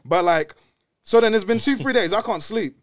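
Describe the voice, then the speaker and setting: A young man telling a story in a casual podcast chat, animated and slangy, acting out dialogue. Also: sits high, moderate pace, dry recording, studio quality. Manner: animated, slangy, says "bruv" constantly, acts out dialogue. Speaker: podcast guest.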